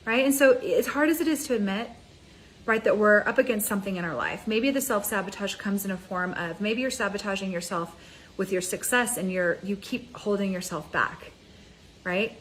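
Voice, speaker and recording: A woman life coach giving an energetic, conversational motivational talk, speaking straight to her viewers. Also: mid-range voice, normal speed, slight background noise, low-quality recording. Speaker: mind ascension coach.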